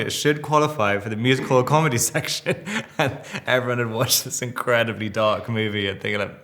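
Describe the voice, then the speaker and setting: A man's voice: medium pitch, a little fast, fairly bright tone. A man in his thirties telling stories about his work in a casual interview, rambling with restarts, fillers and chuckles. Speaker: actor interviewee.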